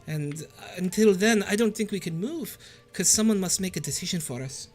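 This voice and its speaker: A man's voice: high-pitched, brisk, faint music behind, pitched above the performer's own voice, natural voice. A man voicing a worried female lizardfolk tribal leader with a put-on Irish accent, hesitant and stammering.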